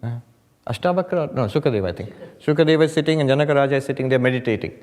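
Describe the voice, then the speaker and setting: A monk leading a meditation retreat gives a spiritual talk to an audience, telling humorous stories with rising emphasis. His mid-range, slightly mellow voice races along, and audience laughter echoes through a hall with long reverb.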